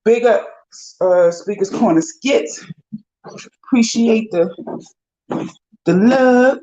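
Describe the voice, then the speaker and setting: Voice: medium pitch, slow pace, darkish tone, dry recording. A host chatting casually with livestream viewers, talking to the viewers and to pets along the way. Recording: dull lo-fi sound.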